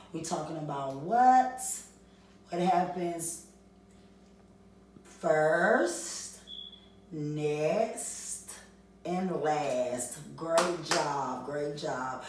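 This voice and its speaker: Her deep, slightly mellow voice carries through a very echoey room, caught by a far-off mic with a little hiss or hum. She's teaching young children to read, singing out questions and answering them herself.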